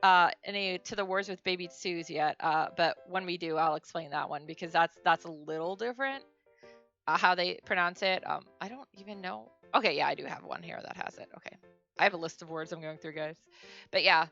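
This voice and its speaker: A woman's voice: on the low side, a little fast, bright, forceful tone, dull audio, faint music behind. A woman streamer giving a casual beginner language lesson, chatty and full of fillers and self-corrections.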